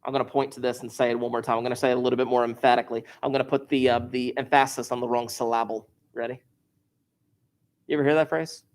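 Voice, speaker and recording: A man's voice: medium pitch, level tone, very fast. A man teaching a math lesson to a class, explaining step by step with wry, joking asides.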